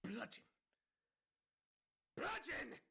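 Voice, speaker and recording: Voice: extremely slow, very noisy. A performer voicing a rowdy, absurd British bloke who talks like a pirate and rambles in gibberish, in a parody clip. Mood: manic. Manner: rambling gibberish, shouting slang.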